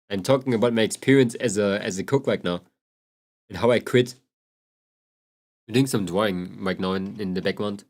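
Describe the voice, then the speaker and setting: A man's voice: medium pitch, darkish tone. A young man with a German accent chatting casually while drawing on a livestream, laughing often and swearing casually. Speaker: streamer.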